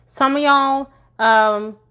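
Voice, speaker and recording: A woman's voice: high voice, fairly even intonation, extremely slow, bright, forceful tone. Goofy, tired woman reading tarot cards. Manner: chatty and goofy, laughs often, talks to viewers as y'all. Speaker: tarot reader. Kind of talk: casual spoken tarot reading to viewers.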